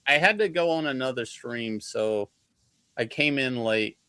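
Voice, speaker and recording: A man's voice: mid-range voice, expressive, normal speed, pushed and bright, smooth, dry recording. A man chatting as a guest on a casual livestream, blunt and profane, talking matter-of-factly about his work. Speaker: guest artist.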